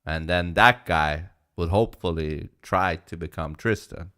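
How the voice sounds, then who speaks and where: A man's voice: low-pitched, a little slow, pushed and bright, smooth. A man hosting a reaction video, giving casual commentary and thinking aloud. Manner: loose, thinking aloud with fillers.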